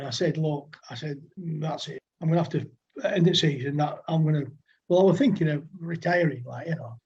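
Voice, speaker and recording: A man in his sixties with a broad Lancashire accent tells stories in a rambling, chatty way, full of dialect words and fillers. His voice sits high and sounds husky. The recording is dull and lo-fi. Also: dark tone. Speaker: podcast guest, former cricketer. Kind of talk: anecdotal storytelling.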